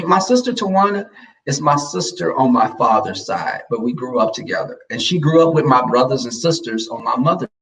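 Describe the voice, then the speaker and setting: A man's voice: fairly high pitch, distant mic, poor audio. A man telling family stories in casual chat, blunt and slangy, acting out the voices of the people he quotes. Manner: animated, acts out quoted voices.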